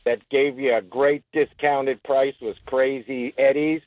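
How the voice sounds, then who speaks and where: A man's voice: mid-range voice, fairly even intonation, measured pace, no room sound. A man calling in to a radio show, recalling old stores in a matter-of-fact way. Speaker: caller. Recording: phone line.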